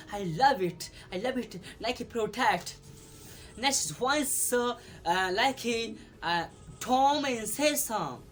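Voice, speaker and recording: A woman teaching English pronunciation in a casual video lesson, halting, repeating each word many times, with frequent fillers. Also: on the high side, a bit bright.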